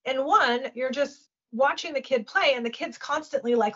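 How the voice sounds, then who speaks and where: A woman coaching casually in a webinar, animated, acting out little voices and often asking "right?". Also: sits high, normal speed, hardly any pauses, breathy edge, dull audio. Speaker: webinar guest speaker.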